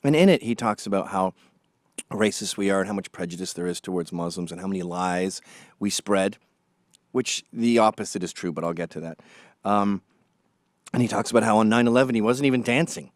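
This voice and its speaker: A man's voice: fairly low pitch, fairly quick, no echo, clean studio sound. A man delivering a sarcastic, combative opinion monologue as a political commentator.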